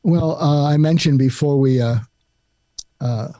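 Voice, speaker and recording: An older man, a psychiatrist guest on a podcast interview, calmly explaining a conversation technique step by step and acting out example lines. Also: fairly high pitch, unhurried, no echo, clean studio sound.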